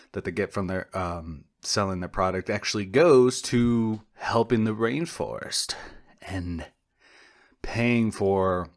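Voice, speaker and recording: Slow, low-voiced rambling podcast man. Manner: meandering, self-interrupting, jokey asides. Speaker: podcast co-host. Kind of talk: solo rambling podcast monologue.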